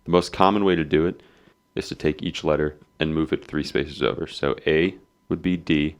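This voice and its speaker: A man's voice: extremely low pitch, steady tone, moderate pace. A young man co-hosting a podcast, laid-back and joking as he tells stories. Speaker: podcast co-host. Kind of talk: casual chat.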